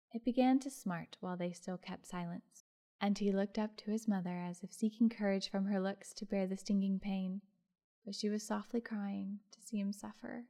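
A woman's voice: medium pitch, a little mellow. Woman narrating a classic storybook. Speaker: audiobook narrator. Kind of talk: audiobook reading of a classic story.

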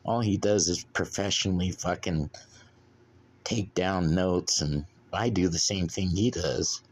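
A man's voice: sits low, a little slow, husky. A man hosting a podcast alone, rambling casually and bluntly with plenty of swearing while drinking beer. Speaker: podcast host.

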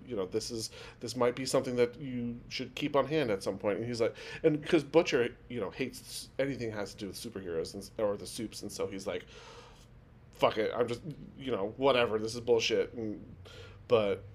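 A man co-hosting a podcast, talking through a TV episode in loose, rambling chat. His voice sits at a middle pitch, and he keeps stacking fillers. When he quotes a character he jumps higher and louder. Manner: rambling with many fillers, acts out quotes in a raised voice. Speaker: podcast co-host. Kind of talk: casual chat recapping a TV episode.

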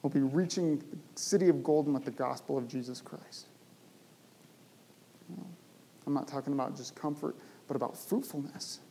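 A male pastor preaching a sermon, speaking with animated emphasis and rising to loud, emphatic bursts. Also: medium pitch, moderate pace, creaky, pauses often, a little hiss or hum, low-quality recording.

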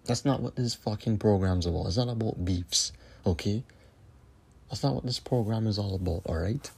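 A man's voice: on the low side, normal speed, creaky, darkish tone, husky. A man hosting a podcast, ranting angrily in a profane, repetitive monologue. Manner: angry, repetitive, cursing. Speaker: podcast host.

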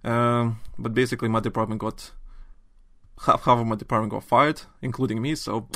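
A man chatting on a gaming podcast, recorded close and dry. He talks in animated bursts and rants, stumbling into restarts as he goes. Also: mid-range voice, brisk, dry recording. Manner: animated, ranting, trails off into restarts. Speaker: podcast host. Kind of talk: casual chat.

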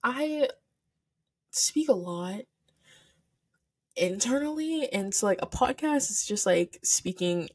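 A woman's voice: medium pitch, animated, slow pace, long pauses, darkish tone, slightly rough. A teenage girl hosting her own podcast in casual solo chat, giggly and gushing, rambling with lots of fillers and close to tears. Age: teens. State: emotional, near tears. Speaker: podcast host. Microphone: camera setup for filming.

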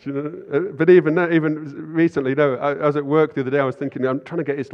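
A man's voice: a little high, steady tone, rapid-fire. A man preaching an informal sermon, chatty and self-deprecating, often asking "right?". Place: church hall. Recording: lo-fi sound in a reverberant hall.

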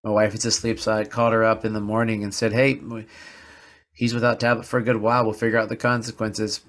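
This podcast host, a man with a fairly low voice, tells a personal story earnestly and confessionally, repeating words for emphasis. It's a reflective monologue, delivered completely flat and at a quick pace.

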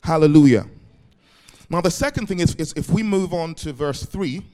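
High-ish voiced pastor guy preaching, keeps asking does that make sense. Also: animated, moderate pace, mellow. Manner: repeated "praise the Lord" interjections. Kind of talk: sermon.

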